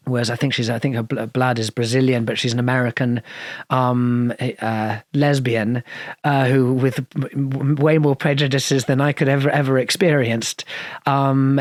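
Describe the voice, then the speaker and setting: A man's voice: medium pitch, no room sound, studio quality. A man with a posh English accent, a guest telling long stories in an interview, rambling with many restarts and fillers. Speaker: guest musician. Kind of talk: casual interview storytelling.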